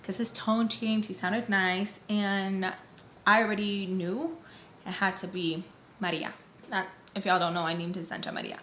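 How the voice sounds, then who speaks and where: On her vlog, a woman tells a storytime in an emphatic, candid way, bluntly swearing as she recounts what happened. Her voice is medium-pitched and fairly bright, with a steady tone and moderate pace. The recording has a roomy echo and faint background noise.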